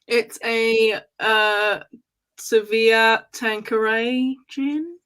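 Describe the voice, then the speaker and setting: A young woman chatting on a livestream, speaking hesitantly with soft giggles. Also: high voice, very animated, normal speed. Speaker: book club guest. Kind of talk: casual chat.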